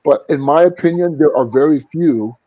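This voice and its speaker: Earnest man with a mellow voice. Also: a little high, moderate pace, no echo, lo-fi sound. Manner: earnest, reflective, sings short vocal examples. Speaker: singer and vocal coach, guest. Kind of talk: casual interview talk.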